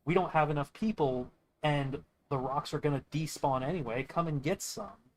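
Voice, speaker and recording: On a rough recording with a little hiss or hum, a young man speaks at a moderate pace in a slightly high voice. He's gaming on stream and rambling through a lengthy, profanity-laced story told casually, with quotes from other people.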